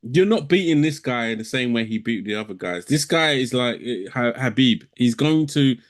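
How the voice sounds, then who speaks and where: A man's voice: mid-range voice, expressive, moderate pace. A young man, co-hosting a podcast, teasing and laughing often while he lays out long explanations. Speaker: podcast co-host. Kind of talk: casual banter.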